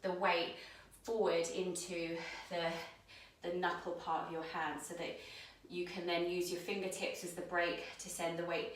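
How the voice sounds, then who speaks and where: A woman teaching a yoga handstand class, giving calm step-by-step cues while she demonstrates, somewhat out of breath. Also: lowish voice, measured pace, few pauses, a little hiss or hum. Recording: very echoey room, mic at a distance.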